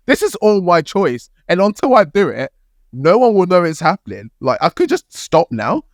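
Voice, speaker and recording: A young British man, a podcast co-host, telling a story in an animated, casual way, laughing and swearing as he goes. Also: sits high, normal speed, dry recording, clean studio sound.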